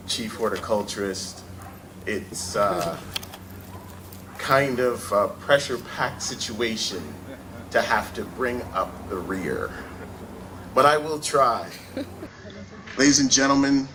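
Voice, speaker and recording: A man in his forties speaks from a podium microphone, taking his time and leaving long pauses. His voice is bright and forceful. He jokes at his own expense and talks about his feelings without holding back. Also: on the low side, slight background noise, rough recording. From Canada. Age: 40s. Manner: self-deprecating, jokey, openly emotional. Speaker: company CEO giving a speech. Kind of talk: joking public speech at a launch event. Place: event hall before an audience.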